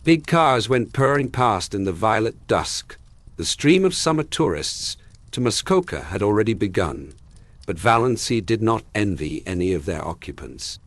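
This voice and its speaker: A man narrating a classic novel as a gentle, expressive bedtime audiobook. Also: lowish voice, normal speed, no room sound.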